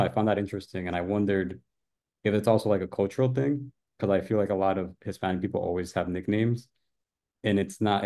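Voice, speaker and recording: A young man from New Jersey talking casually about a film over a video call, relaxed and full of fillers. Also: sits low. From Paterson, New Jersey, US. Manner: relaxed, heavy use of "like" and fillers. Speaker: film series curator.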